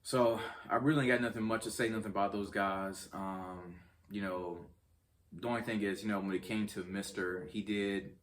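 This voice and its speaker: A man with a lowish, steady voice at a moderate pace hosts his own movie review channel, recorded from a distance. It's a casual film review vlog where he talks straight to viewers, rambling with lots of ums and restarts.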